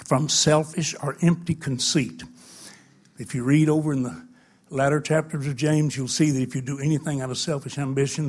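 An older man preaching with a husky, breathy voice. His sermon moves from loud, drawn-out emphasis to hushed, intimate storytelling, with his pitch sitting in a middle range.

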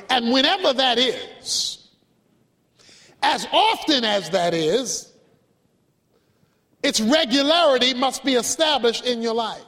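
A man preaching a sermon, emphatic, with dramatic pauses and vivid stories. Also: extremely high pitch, fairly bright tone, big-room sound. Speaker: pastor.

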